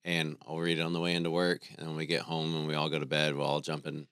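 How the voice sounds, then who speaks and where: A man in his thirties, a podcast co-host, telling stories about his family in a relaxed, conversational way. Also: extremely low pitch, fast, clean tone, no echo, clean studio sound. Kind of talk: casual faith conversation.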